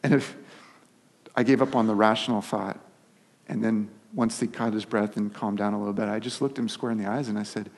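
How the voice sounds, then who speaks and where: A man's voice: on the low side, steady tone, a little fast, big-room sound. A man preaching a sermon as pastor, telling stories conversationally with restarts and filler words.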